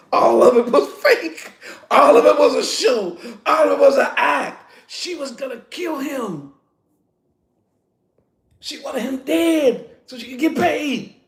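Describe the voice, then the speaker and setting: A man preaches a sermon at full volume, emphatic and laughing, with slangy street talk. His voice is high and gravelly. The sound rings around an echoing room. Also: slow, fairly bright tone. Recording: echoey room.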